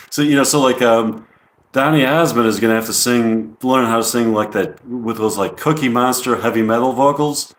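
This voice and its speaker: A man's voice: medium pitch, fairly even intonation, normal speed, echoey room. A man doing a rambling improvised comedy monologue on a live stream, full of restarts and casual swearing.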